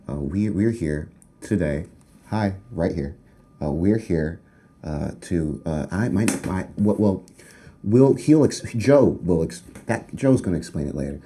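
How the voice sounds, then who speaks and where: A man doing a rambling sketch comedy monologue, halting and trailing off, with sudden loud outbursts. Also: sits low, lively intonation.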